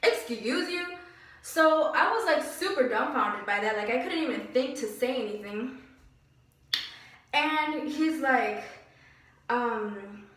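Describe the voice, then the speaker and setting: A young woman telling a story in a casual vlog, animated and exasperated, full of "like"s and sighs. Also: a little high, slow pace, long pauses, recorded from a distance. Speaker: vlogger. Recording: very echoey room, voice away from mic.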